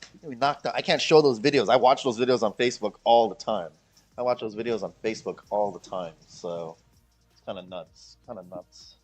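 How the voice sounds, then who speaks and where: A man's voice: lowish voice, a little fast, soft background music. A man hosting a casual livestream, chatting with viewers and ranting with jokes and mocking voices. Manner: animated, joking rants with mocking voices. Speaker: livestream host.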